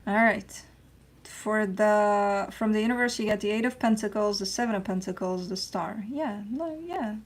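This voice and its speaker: A woman's voice: mid-range voice, moderate pace. A woman hosting a casual spoken tarot reading. She talks in a loose, chatty way with slang and the odd curse, and repeats herself when she coaches and reassures. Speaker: tarot reader hosting her channel.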